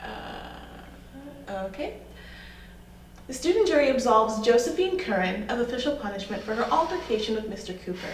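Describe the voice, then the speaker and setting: A woman's voice: on the high side, very animated, moderate pace. A young woman playing a defensive, bossy teenage head of a student jury. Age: young adult. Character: self-righteous teen girl heading student jury. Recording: very echoey room, distant mic, faint noise.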